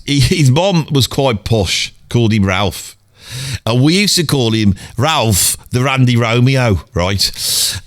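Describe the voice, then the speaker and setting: A man's voice: mid-range voice, a bit bright. An older man with a Brummie accent, rambling casually through old stories and mimicking people as he goes. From Birmingham, England. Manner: chatty, swears mildly, breaks into sung and mimicked bits. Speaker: storyteller guest.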